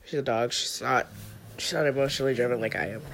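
A woman's voice: extremely low pitch, fast, vocal fry, slight background noise. A young woman crying as she talks through a personal vlog at home, raw, rambling and swearing. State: crying, sniffling. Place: indoors at home, in bed.

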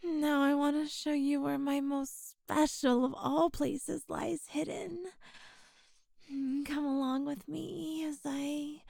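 A woman doing a high, meowing stray catgirl. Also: mellow, no room sound, full character voice. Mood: teasing.

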